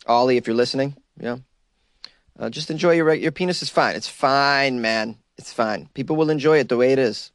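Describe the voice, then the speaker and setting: A man's voice: mid-range voice, brisk, clear, resonant tone, no echo, clean studio sound. A man hosting a podcast, giving loose comedic commentary, laughing often and mocking quotes in silly voices. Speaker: podcast host.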